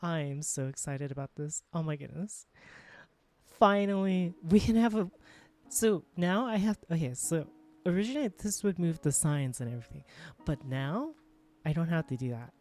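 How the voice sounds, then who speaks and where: Low-voiced excitable woman streamer. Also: moderate pace. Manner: excitable, keeps exclaiming and greeting chat. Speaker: live streamer and world creator. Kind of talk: casual live-stream chat while working.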